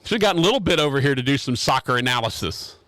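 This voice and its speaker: A man's voice: mid-range voice, lively intonation, racing, a bit bright, no echo. A man hosting a casual sports radio show, rambling and joking with restarts. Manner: rambling, joking, repeats himself. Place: radio studio.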